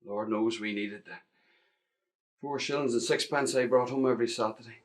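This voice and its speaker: A man with a Northern Irish accent playing a grown stableboy looking back on his youth in a theatrical monologue, speaking reflectively and often hushed. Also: mid-range voice, moderate pace, natural voice. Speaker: actor in a one-man play.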